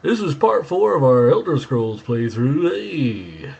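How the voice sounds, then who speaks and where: A man's voice: medium pitch, sing-song, slow pace, creaky, voice pushed up, heavily acted. A man mocking a cheesy old radio announcer. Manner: exaggerated, sing-song and loud. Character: male radio-announcer youtuber, fake cheery inflection.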